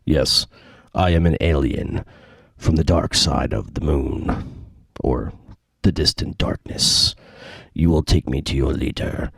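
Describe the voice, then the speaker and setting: A man voicing a menacing male alien through a soundboard voice changer, speaking slowly and commandingly. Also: rumbling low, vocal fry, slightly rough, studio quality, voice pushed down, heavily acted. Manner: slow, commanding, threatening. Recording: voice effect with long reverb.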